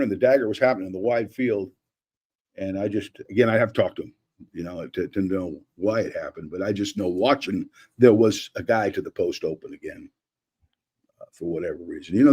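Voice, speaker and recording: An older man, a former football coach, breaking down game film in a lively, rambling way, acting out old conversations. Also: mid-range voice, creaky, breathy edge. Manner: animated, acts out quotes, many restarts. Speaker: former offensive coordinator, analyst.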